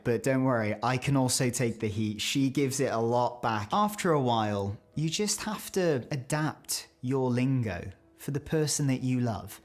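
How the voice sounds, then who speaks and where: A man's voice: medium pitch, darkish tone. A man, talking to camera in a playful, self-mocking way as a video creator. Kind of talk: scripted commentary to camera.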